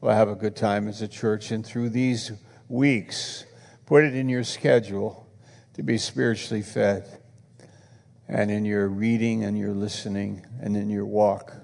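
A man's voice: lowish voice, steady tone, a little slow, creaky, a little mellow. A man preaching a sermon to his congregation, earnest and repetitive, pleading with the listeners. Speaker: pastor. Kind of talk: sermon with altar call and announcements. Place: church auditorium with congregation. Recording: echoey church hall.

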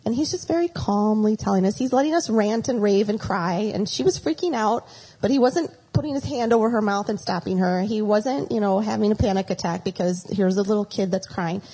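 A woman's voice: mid-range voice, a little fast, mellow, husky, poor audio. A middle-aged woman giving a chatty storytelling talk with a faith reflection, rambling and slipping into acted quotes.

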